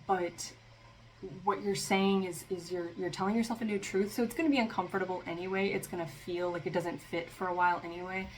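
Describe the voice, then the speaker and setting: A woman with a lowish voice talks through a tarot reading in a relaxed, meandering way, leaning on fillers as she goes. Her tone carries a dry, sarcastic edge, and a faint hum of ambient noise sits behind her. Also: fairly quick, low-quality recording. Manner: rambling, loose, with many fillers. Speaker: tarot reader. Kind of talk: casual spiritual tarot reading.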